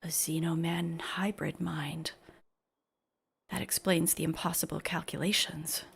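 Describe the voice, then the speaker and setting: A woman streamer voicing a calm, clinical male clone scholar in whispered role-play, speaking in a hushed, measured way. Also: medium pitch, gravelly, slightly rough.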